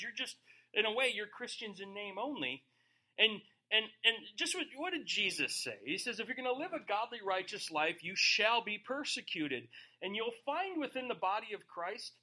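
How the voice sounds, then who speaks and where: A man's voice: high-pitched, bright, forceful tone. A male pastor teaching verse by verse in a conversational way, acting out quoted voices.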